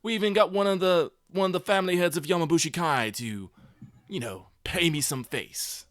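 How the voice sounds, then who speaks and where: A man playing a gravelly gang boss villain. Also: fairly high pitch, a little fast, a bit bright, no room sound, clean studio sound, voice pushed up, natural voice. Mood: smug menacing. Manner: smug, menacing speech.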